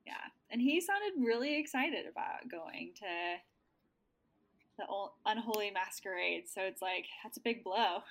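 A woman's voice: mid-range voice, animated, unhurried, a bit bright, a little hiss or hum. A woman co-hosting a casual chat, gushing and rambling, leaning heavily on fillers.

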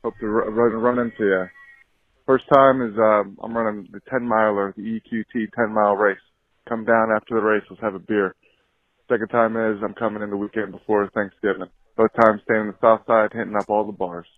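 Brisk low-voiced caller on a tinny phone line. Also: male voice, level tone, no room sound. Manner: brisk, friendly, rattles off points. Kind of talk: voicemail to a podcast.

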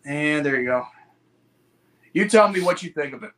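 Male podcast co-host, slightly high voice, loose and jokey, rambles with fillers. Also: expressive, normal speed, fairly bright tone. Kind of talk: casual chat.

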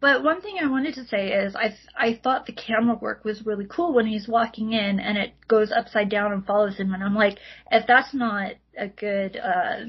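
A woman, a podcast guest chatting casually, relaxed and talkative with many likes and ums. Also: medium pitch, moderate pace, hardly any pauses, breathy edge. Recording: slightly dull, lo-fi audio.

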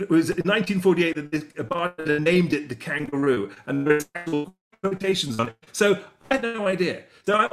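A middle-aged man with an English accent, hosting a playful, chatty interview over a video call. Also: on the high side. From England. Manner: chatty, playful, self-mocking. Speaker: interview host.

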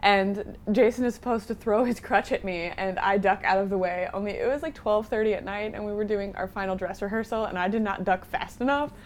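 A woman's voice: mid-range voice, a little fast, few pauses, a little hiss or hum. A woman co-hosting a casual podcast chat, teasing her friends and laughing often. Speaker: podcast co-host.

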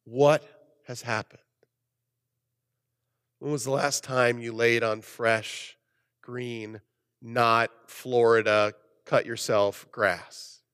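A man preaching a sermon as pastor, animated, swinging between loud emphasis and soft, low asides. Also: takes it slowly, clear, resonant tone, in a large hall.

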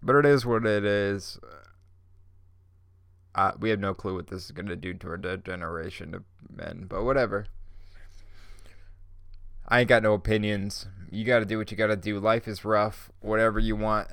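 A stoned man rambles through his own podcast, swearing freely and laughing between stories. His voice sits on the low side and comes across dry and close to the mic, with no room sound around it. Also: normal speed, long pauses, a bit bright, dry recording. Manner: laid-back, profane, rambling, laughs often. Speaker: podcast host.

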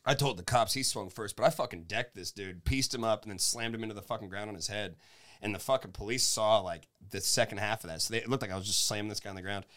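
A man's voice: lowish voice, quick pace. A man telling rowdy road stories in casual podcast chat, laughing often and swearing freely. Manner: animated, laughing, profane storyteller.

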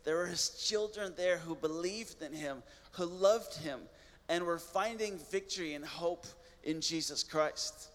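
A man, a missionary guest, telling a personal testimony in an earnest way, with halting restarts. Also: a little high, long reverb tail.

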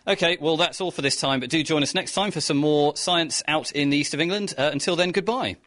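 A man presenting a radio science segment on location, relaxed and full of fillers. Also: fairly high pitch, fairly quick.

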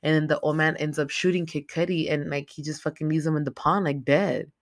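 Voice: mid-range voice, a little fast, dry recording, studio quality. A speaker casually recapping a movie's plot in heavy slang and constant swearing, acting out the characters' lines. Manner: profane, slangy, animated retelling; acts out characters' lines in quotes. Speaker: film recap commentator.

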